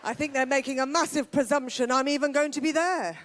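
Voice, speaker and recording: A woman doing a dry, deadpan stand-up set with a high, light voice. She speaks into a stage mic, and a faint hiss sits under the recording. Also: a little fast. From Britain. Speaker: stand-up comedian. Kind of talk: stand-up routine. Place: comedy festival stage.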